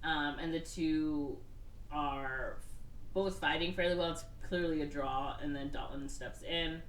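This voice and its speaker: A woman's voice: sits low, fairly even intonation, a little slow, roomy sound, distant mic, slight background noise. A woman co-hosting a podcast, casually rambling through a movie plot and voicing the characters. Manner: rambling movie recap with voiced quotes. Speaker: podcast co-host. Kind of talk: casual chat.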